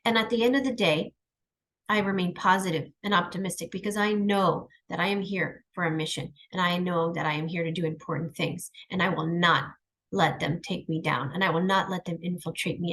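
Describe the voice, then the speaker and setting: A woman's voice: medium pitch, a bit bright. A middle-aged woman speaking in a heartfelt personal monologue, earnest and emphatic, reflecting on her own struggles. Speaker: channel host.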